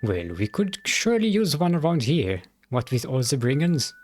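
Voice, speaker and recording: A man's voice: mid-range voice, sing-song, moderate pace, slight background noise, close to an everyday voice. A man voicing a weary, philosophical male town sheriff, reading game dialogue aloud in a mock German accent with a friendly, musing manner. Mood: informative.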